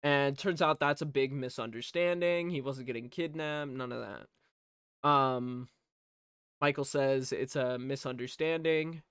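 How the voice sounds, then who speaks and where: A man recaps a film in a slow, unhurried drawl, sarcastic and rambling, swearing as he goes. His voice sits a little high and comes through smooth and clear. The sound is dry and close. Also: a bit bright, no room sound. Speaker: movie reviewer. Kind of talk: casual spoken movie recap.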